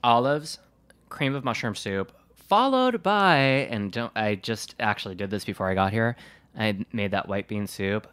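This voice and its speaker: A podcast co-host trading food talk in a loose, playful way and breaking into jokey, theatrical bits. The voice sits at a middle pitch. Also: expressive, moderate pace, fairly bright tone, clean tone. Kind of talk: casual chat.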